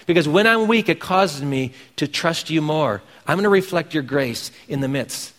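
A man's voice: fairly high pitch, expressive, normal speed, hardly any pauses, fairly bright tone, long reverb tail. A man preaching a sermon as pastor, earnest, pressing his points with emphatic questions.

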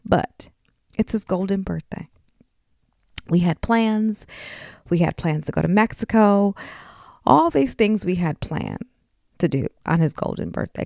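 This podcast host, a woman in her forties, opens up frankly and emotionally to her audience in a candid personal talk. She has a deep, gravelly voice, recorded at studio quality without echo.

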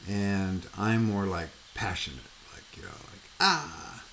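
Over a faint hiss or hum, a deep-voiced man speaks at a measured pace, hosting a painting podcast. He's a painting coach rambling through an anecdote in relaxed chat, leaning on "like" and "you know" while animatedly doing voices and sound effects himself.

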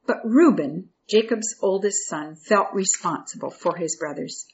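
A woman's voice: medium pitch, a little slow, hardly any pauses, darkish tone, highs cut off. A woman telling a Bible story for children, asking her listeners questions and then answering them herself.

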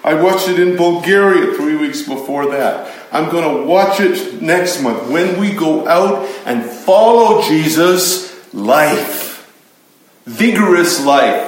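A man preaching a conversational sermon, emphatic and chatty, with asides to his listeners. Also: fairly high pitch. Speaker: pastor teaching a Bible study. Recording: very echoey room.

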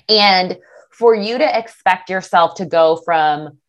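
A woman body image coach answering interview questions in a casual, animated way, acting out the thoughts of others. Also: lowish voice, takes it slowly, highs cut off. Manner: animated, acts out quoted thoughts.

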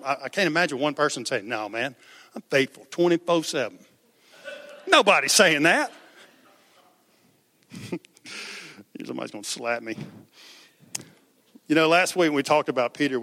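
A man's voice: a little high, fairly bright tone, big-room sound. A man preaching a sermon as pastor, conversational, raising his voice for quoted cries.

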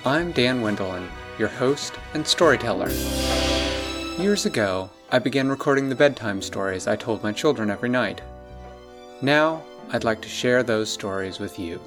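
A man hosting and narrating bedtime stories in a gentle storyteller manner. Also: medium pitch, animated, moderate pace, music in the background. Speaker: host and storyteller.

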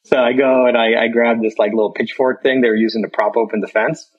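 A man guest on a podcast, telling a story in a relaxed way and laughing often. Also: medium pitch, fast, lo-fi sound. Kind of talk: casual chat.

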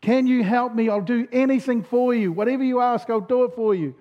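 A man's voice: very high voice, big pitch swings, unhurried, husky, voice pushed up, full character voice. A man voicing a desperate man clinging to a cliff branch, pleading and crying out for help. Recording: dull lo-fi sound.

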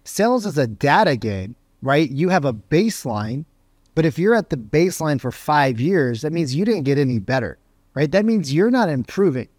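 A middle-aged man coaching salespeople in an energetic, conversational way, often checking in with "right?". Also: a little high, moderate pace, no echo, clean studio sound. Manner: acts out phone calls in animated voices. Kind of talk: motivational sales teaching.

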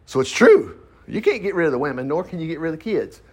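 Guy preaching a laid back bible study, kinda high voice, folksy asides as he reads along. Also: sing-song, fast talker, darkish tone. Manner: folksy, conversational, reads scripture aloud and riffs with asides and chuckles. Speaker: pastor. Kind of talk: informal Bible study sermon.

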